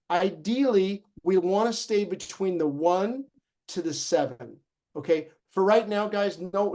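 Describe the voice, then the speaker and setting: Upbeat high-voiced man coaching fitness. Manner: energetic, encouraging, talks directly to the group. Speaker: fitness instructor. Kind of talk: live online fitness class.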